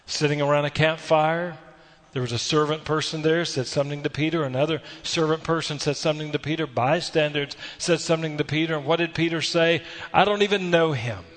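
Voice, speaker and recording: A man's voice: on the high side, little pitch movement, a little fast, a bit bright, big-room sound. A man preaching a sermon, exhorting earnestly with repeated phrases and rhetorical questions. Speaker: pastor.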